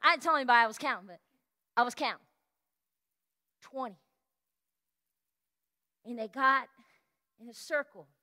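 A woman pastor preaching an animated, storytelling sermon and breaking into bits of song. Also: a little high, moderate pace, long pauses. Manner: animated storytelling sermon, exclamations, sings snippets. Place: church sanctuary.

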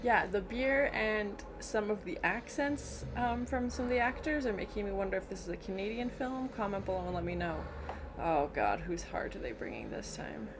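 A woman hosting a casual movie reaction, chatting and exclaiming loudly at scary scenes. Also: medium pitch, lively intonation, moderate pace, noisy background. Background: movie soundtrack playing.

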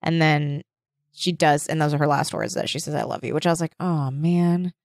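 A woman's voice: low voice, steady tone, moderate pace, creaky, a little mellow, no echo, studio quality. A woman co-hosting a podcast in casual chat, talking with lots of "like" fillers and acting out quotes. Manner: chatty, uses many "like" fillers, acts out quotes. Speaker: podcast co-host.

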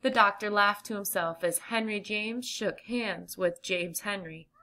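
A woman reading a children's chapter book aloud with clear, gentle emphasis. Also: mid-range voice, unhurried. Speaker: audiobook reader. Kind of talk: children's storybook narration.

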